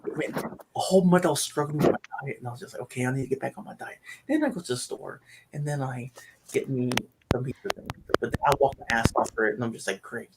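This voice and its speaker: A middle-aged man hosting a casual chat. He tells stories in an animated way, getting loud and excited, then dropping to mutters. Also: mid-range voice, fast, very noisy. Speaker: livestream host.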